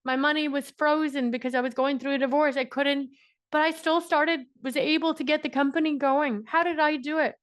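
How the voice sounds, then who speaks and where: Irish woman with a high voice leading a punchy motivational coaching session. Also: fairly even intonation, brisk, no echo, studio quality. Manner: emphatic, repetitive, laughs often. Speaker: business coach.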